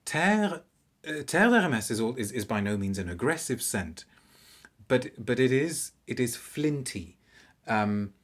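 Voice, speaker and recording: A man hosting an unscripted live review, chatty and animated, with frequent restarts. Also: mid-range voice, unhurried. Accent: non-French, anglicised French pronunciation.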